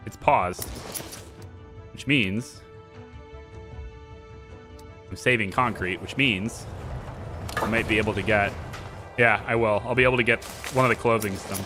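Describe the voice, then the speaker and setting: A man's voice: fairly low pitch, normal speed, pauses often. Chatty male game streamer over music. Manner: chatty, joking, thinking aloud while playing. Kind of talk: casual let's-play commentary.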